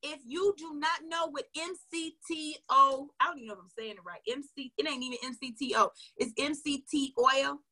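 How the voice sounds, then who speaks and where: Bright, high-voiced woman coaching emphatically. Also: brisk, hardly any pauses. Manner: emphatic, chatty, addresses viewers directly, laughs often. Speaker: sales coach. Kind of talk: casual motivational coaching talk. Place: recorded for an online video.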